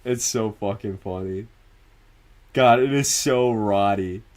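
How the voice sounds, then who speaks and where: A man's voice: on the low side, slow pace, a little mellow. A man livestreaming, chatting loosely and profanely with viewers, laughing often and answering them directly. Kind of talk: casual stream chat.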